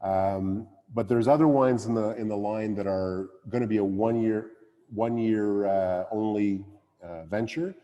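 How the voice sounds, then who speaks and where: Low, mellow-voiced winemaker, man. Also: steady tone, measured pace, in a large hall, muffled recording. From Canada. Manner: hesitant, many fillers and restarts. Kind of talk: casual talk at a virtual wine tasting.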